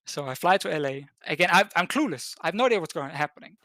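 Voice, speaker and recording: A man's voice: a little high, expressive, quick pace, pushed and bright, no room sound. Guy from denmark spinning a rambly podcast story, lots of ums, dry close sound. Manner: rambling, with many fillers and restarts. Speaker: podcast guest, esports caster. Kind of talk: casual storytelling chat.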